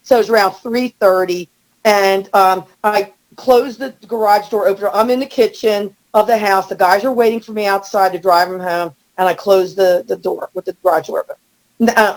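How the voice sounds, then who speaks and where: A middle-aged woman telling a story as a podcast guest, animated and acting out the quotes. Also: fairly quick, poor audio. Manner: animated, acts out quotes with rising pitch. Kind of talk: storytelling in casual chat.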